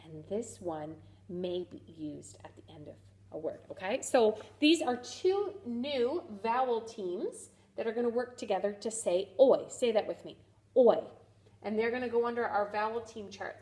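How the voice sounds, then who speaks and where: A woman's voice: high voice, a little mellow. A woman teaching a phonics lesson to young children, sounding out each letter and praising often. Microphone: recorded to camera for a video lesson.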